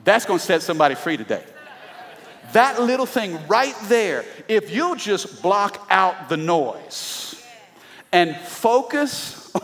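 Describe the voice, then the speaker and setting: A middle-aged pastor preaching an animated sermon, breaking into shouts and laughs. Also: male voice, high-pitched. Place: church sanctuary. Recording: long reverb of a large hall.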